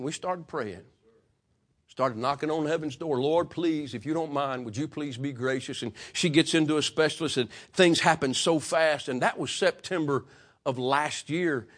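A man preaching a sermon, swinging from loud, passionate peaks to hushed, quiet stretches. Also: medium pitch. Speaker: pastor.

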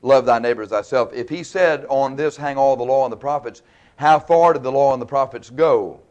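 A man's voice: a little fast, lo-fi sound. Emphatic man preaching a Bible sermon. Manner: emphatic, asks questions and answers them; varies pitch and loudness widely.

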